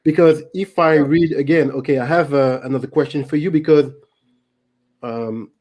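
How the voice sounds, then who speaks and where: A man's voice: a little high, fairly even intonation, moderate pace, a little mellow. A man with a French accent, a native French speaker, hosting a live stream in a casual way and reading viewer comments aloud. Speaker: host.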